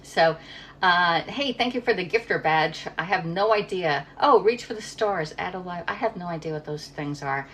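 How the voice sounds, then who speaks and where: A woman's voice: on the low side, lively intonation, moderate pace, a bit bright, a little hiss or hum. Chatty middle-aged woman cooking live. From Pennsylvania. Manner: chatty, reads viewer comments aloud, rambles off topic. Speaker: livestream cooking host. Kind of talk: casual chat while cooking. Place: home kitchen.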